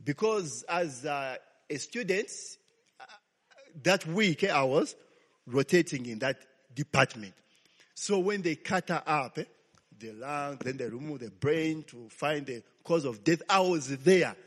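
A man's voice: a little high, expressive, measured pace, fairly bright tone. A man preaching a sermon as a pastor, telling a story and checking in with "okay?" after nearly every line. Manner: call-and-response, frequent "okay?" checks. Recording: long hall reverb.

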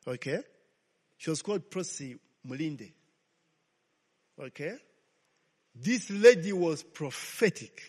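A pastor preaches a sermon built around a story, asking "okay?" after almost every line in a call-and-response style. His voice is high-leaning, husky, a little mellow and animated, delivered slowly with long pauses in a hall with long reverb.

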